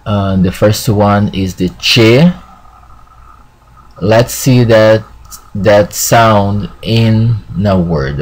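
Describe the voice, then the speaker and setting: A man teaching a Spanish lesson who talks slowly, says "okay" often and sounds out words with care. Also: on the low side. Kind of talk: classroom lesson.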